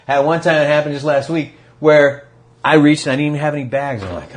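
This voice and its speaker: A man as a podcast guest, talking casually about recovery and acting out quotes in animated stories. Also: medium pitch, fast.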